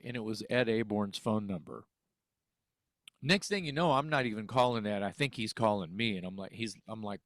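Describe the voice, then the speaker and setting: A man's voice: lowish voice, a little fast, a bit bright, no room sound, clean studio sound. A man who sings and teaches music, from Texas, telling a story in casual conversation, acting out phone calls and swearing freely. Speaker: interview guest, singer.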